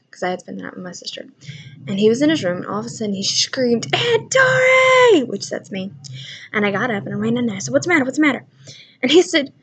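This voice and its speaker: A woman's voice: medium pitch, a little hiss or hum. A young woman chatting casually on her own vlog, rambling through funny stories about kids and laughing as she goes. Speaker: channel owner.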